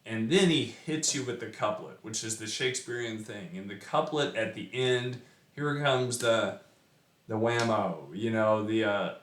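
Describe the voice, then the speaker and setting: A man's voice: fairly low pitch, measured pace, a bit bright. A man explaining a poem line by line in a casual, conversational way, with many fillers and asides. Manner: conversational, chatty with fillers and frequent "right?". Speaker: poetry teacher. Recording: roomy echo.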